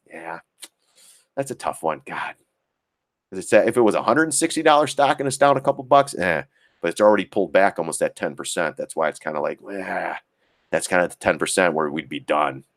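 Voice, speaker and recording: Rambling low-voiced man hosting a livestream. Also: sing-song, fairly quick, dry recording, studio quality. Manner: rambling, full of filler words and repeats; acts out quoted voices, chuckles often. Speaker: stock trading livestream host. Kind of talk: casual livestream chat.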